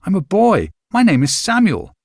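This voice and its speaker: A man's voice: medium pitch, very animated, normal speed, darkish tone, no echo, studio quality. A man voicing an upset, polite nine-year-old boy in a storybook reading. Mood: insistent.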